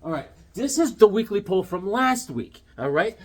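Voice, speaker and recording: High-voiced guy rambling about comics on his channel, voice bouncing all over. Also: normal speed, hardly any pauses, breathy edge. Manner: rambling, animated storytelling with voices. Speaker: comic book YouTuber. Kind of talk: casual vlog chat.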